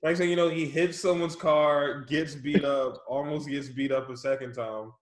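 A man with a slightly high voice tells animated, profane stories in casual chat and laughs often. His voice rings in an echoey office room. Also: normal speed.

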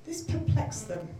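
A woman's voice: high voice, mellow, a little hiss or hum. A woman performing a stand-up comedy set, self-deprecating and often laughing through her lines. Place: live comedy venue. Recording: echoey room heard from a distance.

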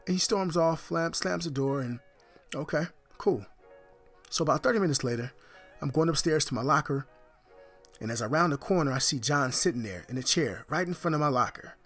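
A man's voice: fairly high pitch, animated, brisk, fairly bright tone. A man telling a personal story and acting out the quoted dialogue, his voice rising and falling with each part. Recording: faint music behind the voice.

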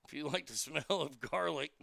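A man's voice: a little high, moderate pace, vocal fry, sharp tone, no room sound. A man hosting a show, delivering a crude, mocking comedic monologue that rambles with restarts. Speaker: radio show host.

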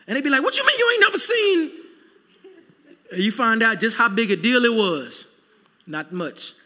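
Bright, high-voiced preacher in a reverberant hall. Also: male voice. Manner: conversational preaching, rising to emphatic peaks. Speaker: pastor. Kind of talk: sermon.

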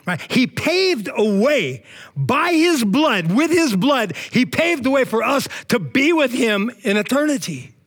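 A middle-aged male pastor preaches with a high, bright voice. He talks in casual slang and keeps climbing into loud shouts of praise, rousing his church. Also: big pitch swings, measured pace. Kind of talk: energetic sermon.

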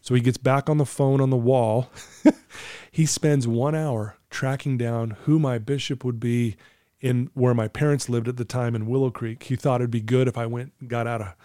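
A man's voice: mid-range voice, steady tone, normal speed, dark tone, clear, resonant tone, dry recording, studio quality. A middle-aged man telling a personal story in casual conversation, earnestly acting out the dialogue. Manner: earnest, acts out quoted dialogue. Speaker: guest telling his story.

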